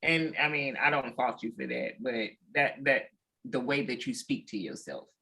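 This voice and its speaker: Bright-voiced woman co-host, agreeing. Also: very deep voice, moderate pace, vocal fry, husky, rough recording. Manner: supportive, agreeing interjections. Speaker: podcast co-host. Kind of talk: casual chat.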